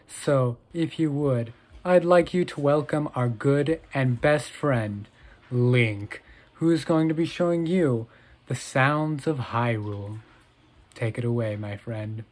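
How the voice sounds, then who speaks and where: A man hosting his own channel, doing a comedic mock ASMR bit in a soft, whispered voice. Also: mid-range voice. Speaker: channel host.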